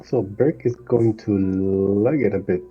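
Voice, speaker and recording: A man's voice: fairly low pitch, a little slow, slightly rough, lo-fi sound, faint music behind. A man playing a tabletop game, talking in a casual, offhand way. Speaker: player.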